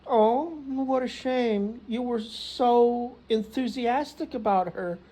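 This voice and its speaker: A man's voice: slow pace, mellow, exaggerated voice. A man mimicking a doting middle-aged mother on the phone, in a gushing, sugary tone. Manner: gushing, sugary, high-pitched.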